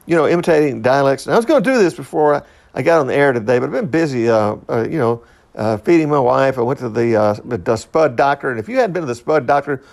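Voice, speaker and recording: A middle-aged man hosting a solo podcast, rambling with many fillers and restarts, swinging between loud high bursts and quiet low asides. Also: expressive, fast. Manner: rambling, with frequent fillers and self-interruptions. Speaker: podcast host.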